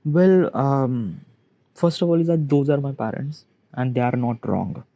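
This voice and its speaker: A man, giving a halting, rambling confessional monologue in which he questions himself aloud. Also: medium pitch, mellow, muffled recording. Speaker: vlogger. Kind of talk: confessional self-talk monologue.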